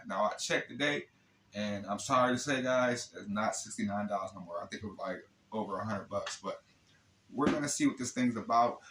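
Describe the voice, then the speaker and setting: A man's voice: mid-range voice, fairly bright tone. A man hosting a casual hobby unboxing video, talking in a laid-back, slangy way and often adding "man" and "you know what I'm saying". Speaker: RC hobby channel host. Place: indoor room he calls his lab. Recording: echoey room with faint noise.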